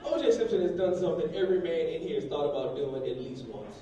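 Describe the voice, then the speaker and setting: Brash high-voiced comic in an echoey club. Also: male voice, expressive, quick pace, warm tone, distant mic, highs cut off. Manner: brash, profane, crowd-baiting. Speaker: stand-up comedian. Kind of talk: stand-up comedy set. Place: comedy club stage with audience. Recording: echoey live club, mic heard from afar, crowd laughter.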